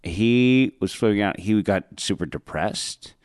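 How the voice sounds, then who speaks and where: A man, a comedian hosting a podcast, telling a story in a casual, animated way, laughing and correcting himself. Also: fairly low pitch, unhurried, no room sound, clean studio sound. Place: podcast studio.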